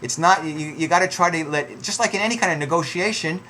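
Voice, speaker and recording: A man's voice: on the high side, fast, pushed and bright, slight background noise. Rambling man giving relationship advice. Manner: conversational, many fillers and restarts, acts out quoted lines. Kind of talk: unscripted advice talk.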